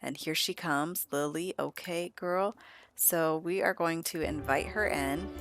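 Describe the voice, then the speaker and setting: Over background music, a woman speaks in a low, unhurried voice while casually narrating a life-sim game. Her let's-play commentary is chatty, full of amused remarks aimed at the on-screen characters.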